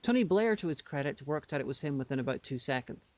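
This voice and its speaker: A man's voice: fairly high pitch, expressive, fast talker, darkish tone, no room sound. Rambling man chatting, lo-fi sound. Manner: rambling, explanatory, with many restarts. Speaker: podcast co-host. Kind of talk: casual chat. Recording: dull lo-fi podcast audio.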